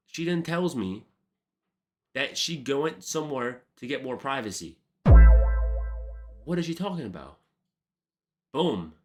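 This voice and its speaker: A man streamer telling a casual story, animated and profane, full of slang and calling everyone bro. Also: fairly high pitch.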